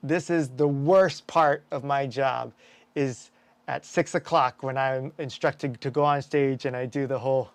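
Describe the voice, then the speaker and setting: A man's voice: medium pitch, steady tone, a little slow, poor audio. Rambling, filler-heavy male show host. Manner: rambling, filler-heavy, with frequent self-corrections. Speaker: host and event emcee. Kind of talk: casual business chat.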